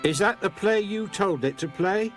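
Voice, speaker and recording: A man's voice: high voice, lively intonation, normal speed, faint music behind, voice pushed up. A man voicing a bossy, demanding first man who complains. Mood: complaining.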